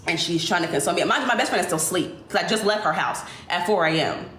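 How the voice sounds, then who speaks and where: Brief: woman, lower voice, animated emotional storytelling, echoey room. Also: fast. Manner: animated, speeds through dramatic retelling. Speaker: influencer livestreamer.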